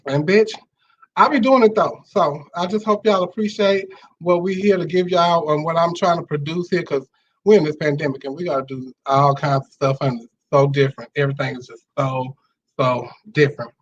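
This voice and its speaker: A man from Louisiana hosting a casual live-stream talk show, sassy and animated, greeting viewers as child and honey. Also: on the high side, normal speed, dull audio. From Monroe, Louisiana.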